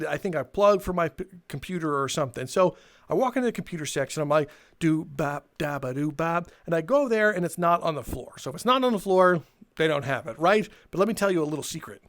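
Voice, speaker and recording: A young man telling a casual story for his video channel, animated and swearing, laughing between lines and acting out what people said. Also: on the high side, creaky. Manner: animated, swearing, laughs mid-sentence, acts out quotes. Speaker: storytelling YouTuber.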